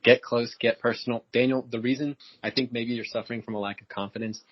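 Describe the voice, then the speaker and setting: A man's voice: mid-range voice, fairly even intonation, quick pace, husky, no room sound. A man co-hosting a comedy podcast, giving mock-serious directions like a film director. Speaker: podcast co-host. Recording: dull, lo-fi, dry podcast mic.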